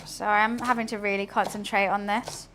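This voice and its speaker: A young British woman chatting casually while she cooks on a live stream, answering chat in a deadpan way. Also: mid-range voice, brisk, slight background noise. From United Kingdom.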